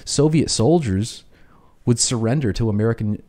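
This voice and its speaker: A man's voice: mid-range voice, normal speed, mellow. A man hosting an educational film commentary, explaining casually with lots of "you know" and "right?".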